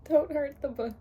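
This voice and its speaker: A woman's voice: very high-pitched, warm tone, a little hiss or hum. A woman talking casually in a reading vlog, reacting dramatically to a book and laughing often. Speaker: book vlogger.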